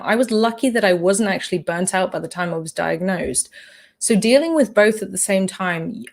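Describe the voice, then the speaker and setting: A woman with a slightly shifted English accent, hosting a casual livestream Q&A and answering chat comments with many fillers, restarts and apologies. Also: lowish voice. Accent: English, shifted by living in the Netherlands. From England. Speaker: livestream host.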